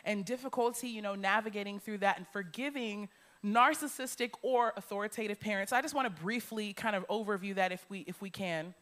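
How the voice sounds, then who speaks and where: A woman's voice: mid-range voice, a little fast, fairly bright tone. A woman hosting a church Q&A, introducing a guest and calling out to the congregation with energy. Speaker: church host interviewer.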